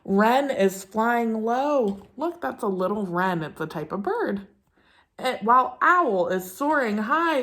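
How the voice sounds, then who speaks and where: A woman's voice: fairly high pitch, expressive, slow, fairly bright tone. Young woman preschool teacher, sing-song storytime voice, upper register, full of praise. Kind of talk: talking to young children and reading a picture book aloud.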